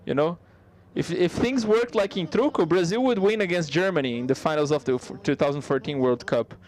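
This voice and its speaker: Male live interpreter voicing a comedy routine; somewhat high pitch, conversational, halting with restarts. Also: a little mellow.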